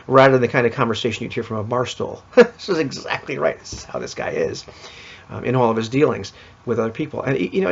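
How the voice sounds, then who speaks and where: A man's voice: medium pitch, breathy edge. A man casually recapping a tabletop game session, rambling with many restarts. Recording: dull lo-fi recording.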